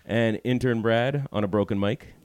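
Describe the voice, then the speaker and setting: A man's voice: mid-range voice, normal speed, a little mellow, clear, resonant tone, no room sound. A man hosting a podcast in casual chat, rambling and correcting himself as he goes. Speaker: podcast host.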